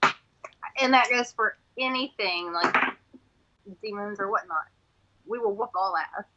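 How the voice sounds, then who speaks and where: A woman's voice: mid-range voice, a little slow, bright, forceful tone, highs cut off, a little hiss or hum. A woman from Texas with a Texan accent, hosting a casual chat, rambling and laughing often. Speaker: host.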